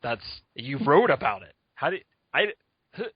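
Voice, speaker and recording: Lively, excitable male podcast co-host. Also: medium pitch, moderate pace, husky, dry recording. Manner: playful, excitable, jokey interjections. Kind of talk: casual interview chat. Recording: dry, slightly dull podcast mic.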